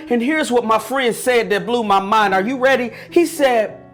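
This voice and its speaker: Speaking at a normal speed, a man with a very high-pitched, slightly bright voice preaches an earnest motivational message. He talks straight to the audience, often repeating and restarting words.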